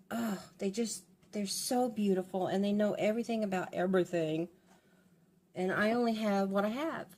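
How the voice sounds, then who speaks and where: A woman's voice: medium pitch, a little mellow. Chatty older woman doing her hair. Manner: rambling and confiding, with many restarts. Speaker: beauty vlogger. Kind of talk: casual chat while doing her hair.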